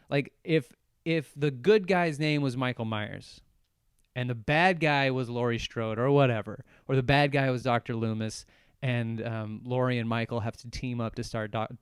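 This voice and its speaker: A young man rants through a solo film review on his podcast, swearing freely and piling on sarcasm as he rambles. His voice is smooth and clear, recorded dry and close. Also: mid-range voice, no room sound. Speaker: podcast host. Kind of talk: solo movie review rant.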